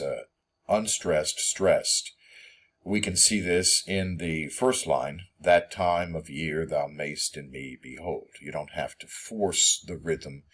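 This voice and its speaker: A man giving a poetry lesson, reading verse slowly and filling his explanations with ums and uhs. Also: rumbling low, a bit bright, slightly rough. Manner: hesitant, many ums and uhs; slow, measured reading of verse. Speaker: teacher. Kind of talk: poetry lecture.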